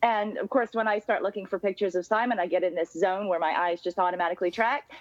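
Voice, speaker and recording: A woman chatting casually, telling an excited story about spotting something in a photo. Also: mid-range voice, quick pace, muffled recording.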